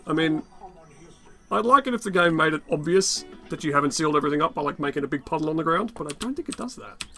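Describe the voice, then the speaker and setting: A man with a raspy, worn-out voice giving rambling, casual gameplay commentary, muttering to himself and swearing often. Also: a little high, bright, forceful tone. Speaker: gaming channel host.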